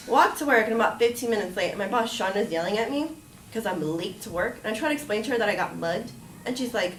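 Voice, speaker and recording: A woman's voice: a little high, lively intonation, quick pace. A young woman telling a true personal story in a casual, chatty way, full of "like", acting out what people said. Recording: echoey room from far off, faint noise.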